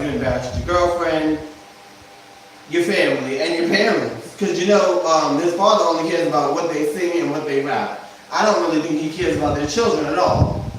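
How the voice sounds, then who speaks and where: A man's voice: fairly high pitch, far from the mic. Sassy man quipping in an echoey room. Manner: sassy, quick quips, says honey often. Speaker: co-host. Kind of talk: casual TV recap chat. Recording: very echoey room with audible noise.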